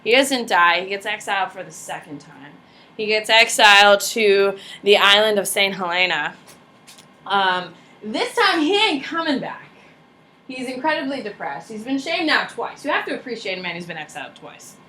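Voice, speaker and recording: A young woman teaching a high school history class, lively and casual, joking and chatting with her students between points. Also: moderate pace. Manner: animated, casual and slangy, jokes with students. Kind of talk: classroom lecture.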